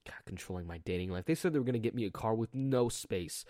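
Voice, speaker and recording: A man's voice: on the low side, animated, brisk, few pauses, a little mellow, dry recording. Teen guy joking around alone, scratchy sore throat, stumbles and restarts a lot, super dry close mic. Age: teens. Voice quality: rough, strained throat. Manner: rambling, joking, many restarts and self-corrections. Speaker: podcast diarist. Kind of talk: casual solo vlog chat.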